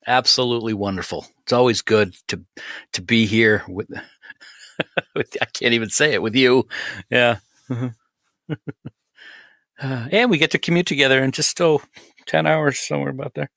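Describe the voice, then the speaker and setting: A man's voice: medium pitch, moderate pace, vocal fry, pauses often, fairly bright tone, dry recording, studio quality. A man co-hosting a podcast in casual banter, ribbing his partner with playful jokes and chuckles. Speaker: podcast co-host.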